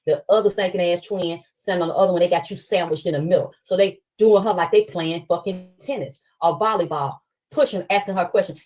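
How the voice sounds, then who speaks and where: A woman's voice: fairly low pitch, a little fast, a little mellow, rough recording. A woman telling a story in an angry, profane live stream rant.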